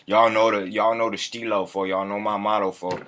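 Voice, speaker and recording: A man's voice: fairly low pitch, little pitch movement, brisk, fairly bright tone. A man chatting casually on a livestream, full of slang, repeating his catchphrases and calling out his viewers by name.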